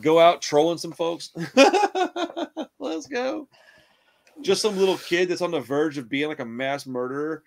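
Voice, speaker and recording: Casting: young guy, rambling storyteller, curses freely, fairly high voice. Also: lively intonation, moderate pace, gravelly. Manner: rambling storyteller, swears a lot, says dude and bro. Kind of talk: casual chat.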